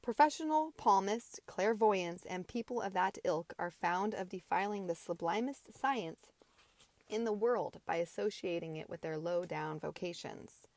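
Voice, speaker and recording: A woman voicing a brash, loud middle-aged male teacher in an amateur audiobook, booming and bluff. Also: measured pace, no room sound, natural voice. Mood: blustering. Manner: booming and bluff, mock-hectoring.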